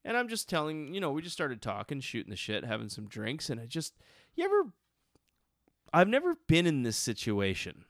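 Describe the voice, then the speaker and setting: A man's voice: on the high side, huge pitch swings, normal speed, a bit bright, no room sound, clean studio sound. A young adult man telling a long personal story in casual chat, rambling and swearing freely. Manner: profane, rambling, lots of restarts and fillers.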